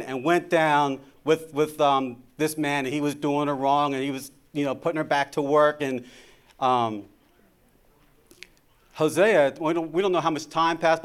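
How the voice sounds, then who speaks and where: A middle-aged man giving an informal sermon about marriage, talking conversationally and often repeating his words. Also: a little high.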